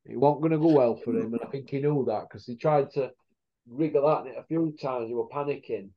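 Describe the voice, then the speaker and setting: A man's voice: medium pitch, brisk. A man hosting a casual chat, telling rambling stories in blunt slang. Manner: rambling storyteller, blunt northern English slang. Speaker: host. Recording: dull lo-fi sound.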